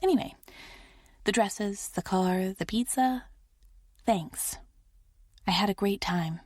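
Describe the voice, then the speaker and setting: A woman narrator voicing a shy, eager young heroine who leaps into high, bright exclamations in audiobook dialogue. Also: takes it slowly, no room sound, studio quality. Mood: flustered. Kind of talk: audiobook character reading.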